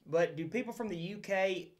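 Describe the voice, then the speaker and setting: Southern us dude chatting on a stream, easygoing, kinda high voice. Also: male voice, moderate pace. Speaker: co-host. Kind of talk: casual livestream chat.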